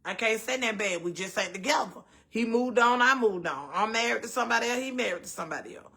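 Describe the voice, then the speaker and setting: Gravelly, bright and forceful, this host's fairly high voice comes out fast and animated. She's a middle-aged Southern US woman running a casual storytelling chat, bluntly profane and performing the voices of those she quotes.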